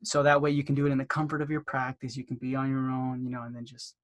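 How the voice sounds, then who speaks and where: A man casually teaching marketing for a dental practice, with lots of fillers, who acts out phone conversations by jumping into a higher voice. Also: completely flat delivery, quick pace. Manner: acts out phone dialogues in a raised voice; loose, filler-heavy delivery. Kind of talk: casual instructional talk.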